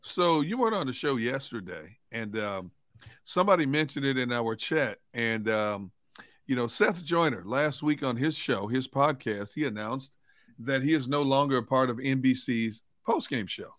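A man's voice: mid-range voice, expressive, normal speed, fairly bright tone, dry recording, clean studio sound. A middle-aged man hosting a casual sports talk show, a playful storyteller who teases his co-hosts. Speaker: host.

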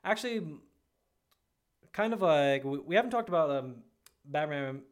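A man's voice: on the high side, animated, moderate pace. A man co-hosting a podcast in casual chat, rambling with lots of fillers. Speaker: podcast co-host.

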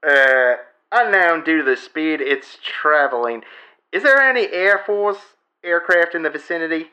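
A man playing a young pilot with a put-on Australian accent, halting and hesitant in his radio reports, as a comedic dramatic reading. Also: fairly high pitch, animated, sharp tone, pitched above the performer's own voice, heavily acted. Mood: uneasy. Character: young male pilot reporting a strange aircraft.

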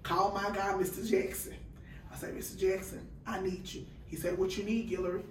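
A woman storyteller chatting on a podcast, animated and lively as she acts out everyone's lines. Her voice sits at a middle pitch. The sound is roomy and a little distant from the mic. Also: fairly quick. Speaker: guest, food truck owner. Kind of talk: storytelling in casual chat.

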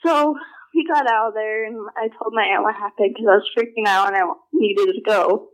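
A young adult woman telling personal stories in a casual, halting way, full of filler words and restarts. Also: medium pitch, poor audio. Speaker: storyteller.

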